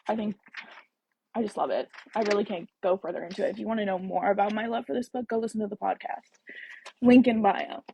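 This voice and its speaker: A young woman chats bubbly and fast-moving on a casual live stream, her voice sitting mid-range with a gravelly fry. She jokes about herself and talks into a phone with an earbud mic. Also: medium pitch, darkish tone. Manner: bubbly, chatty, self-deprecating. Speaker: podcast host reading live. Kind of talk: casual livestream chat.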